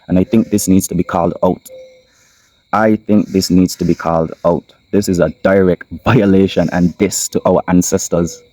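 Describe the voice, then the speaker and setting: A low, mellow-toned man with a Kittitian accent speaks straight into his camera, in a dry, close recording. He talks as the host of his own channel, pressing his points with repetition and slow, weighty stress. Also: steady tone, no room sound, poor audio. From Saint Kitts. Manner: emphatic, repeats lines, slows for stress. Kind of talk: impassioned solo commentary. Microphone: camera mic.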